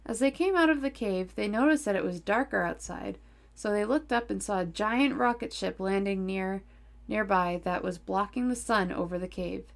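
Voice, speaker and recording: A woman's voice: medium pitch, normal speed, gravelly. A woman reading a children's story aloud on a podcast, playful and teasing in her asides, into a desk microphone.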